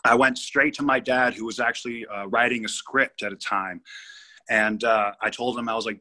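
A man's voice: medium pitch, steady tone, moderate pace, pushed and bright. A man in his thirties from California, a guest telling a story in an interview, rambling and emphatic with many restarts. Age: 30s.

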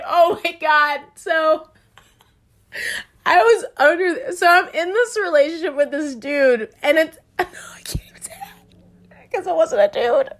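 A young woman with a fairly high voice tells a storytime vlog straight to her viewers. She talks dramatically, cringing, exclaiming and laughing as she goes, and swears freely. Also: a bit bright. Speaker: vlogger telling a story.

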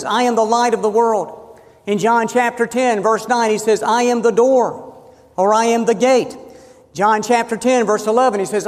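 A man preaching a sermon, emphatic, slowing and lifting his voice on key phrases. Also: very high voice, big-room sound. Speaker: pastor.

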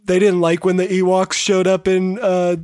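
A mid-pitched co-host chats through an episode recap, joking along and stretching words out for emphasis. The delivery is animated and informal. The recording is dry and close. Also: normal speed, dry recording. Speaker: podcast co-host. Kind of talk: casual recap chat.

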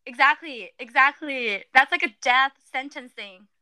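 A woman's voice: high voice, a little slow, pushed and bright, no echo. A woman hosting a casual chat, animatedly explaining slang. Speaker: podcast host.

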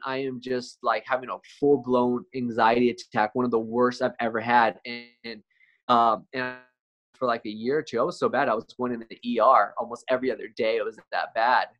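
A man's voice: mid-range voice, a bit bright. A man as an interview guest, telling a personal testimony in a casual, conversational way, often saying "man" and "like" and restarting his words.

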